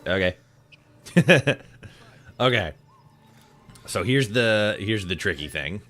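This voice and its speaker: A man streaming a video game, chatting casually with his viewers in a relaxed way, swearing and repeating himself. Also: lowish voice, takes it slowly. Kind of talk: casual chat with viewers while gaming.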